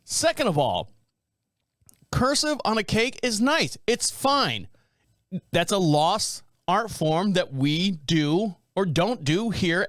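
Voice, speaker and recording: Podcast host, male, high voice, close dry mic, rambling blunt storyteller. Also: a bit bright, no echo. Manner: rambling, blunt, joking, reads a story aloud with asides. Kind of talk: casual storytelling commentary.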